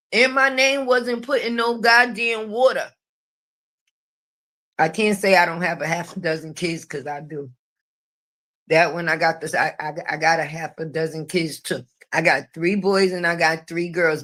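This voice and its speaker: Woman, middle-aged, live streamer, casual commentary, brash, profane, frequent laughs, bright forceful voice. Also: on the low side, fairly even intonation, moderate pace.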